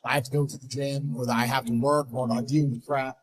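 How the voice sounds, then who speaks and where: Fast-talking blunt man. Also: mid-range voice, flat delivery. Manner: blunt, forceful, emphatic. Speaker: interviewee. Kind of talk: motivational interview talk.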